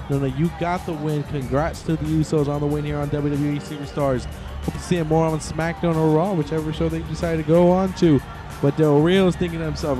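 A man calling a wrestling video game with loose, excitable play-by-play. He rambles, then shouts when a big move lands. His voice sits a little high, with faint game music under it. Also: a little fast.

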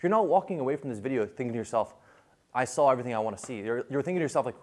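A man lecturing a class in a casual, animated way, full of fillers and quick restarts. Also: medium pitch.

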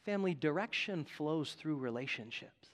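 A male pastor preaching a sermon in a casual, animated way, swinging from loud outbursts to hushed lines. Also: moderate pace. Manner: animated, dramatic swings in loudness and pitch, casual slang.

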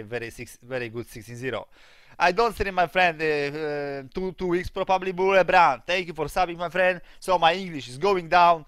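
A young man with a Polish accent streams and chats casually in broken English, constantly ending his lines with "my friend" and veering between mumbled asides and loud outbursts. His voice sits on the high side, and there's no echo.

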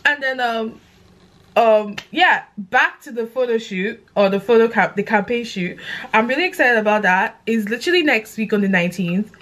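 A young woman with a London accent, chatting excitedly to camera in a casual vlog, gushing and animated. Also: a little high, normal speed. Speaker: content creator.

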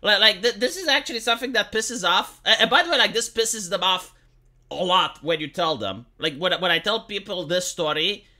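Young woman, Romanian accent, bright and animated, blunt and profane, streamer ranting on camera. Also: mid-range voice, brisk. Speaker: live-streamer. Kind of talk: casual opinionated commentary.

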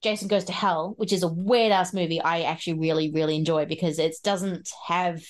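A woman's voice: on the low side, steady tone, a little fast. Chatty woman hosting a podcast. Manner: chatty, laughs often. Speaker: podcast host. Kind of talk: casual chat.

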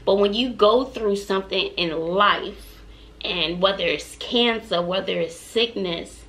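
A middle-aged woman from Texas talks straight to her viewers in a chatty, heartfelt vlog. Her voice sits at an ordinary middle pitch, and she sounds earnest and a little emotional as she shares encouraging stories. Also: unhurried, fairly bright tone. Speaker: vlogger. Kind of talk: heartfelt motivational storytelling.

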